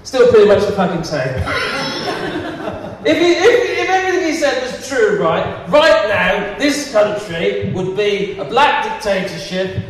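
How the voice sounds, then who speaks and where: A man doing stand-up comedy, lively and laughing through his punchlines. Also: high-pitched, unhurried. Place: comedy club stage. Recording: distant echoey hall with noise.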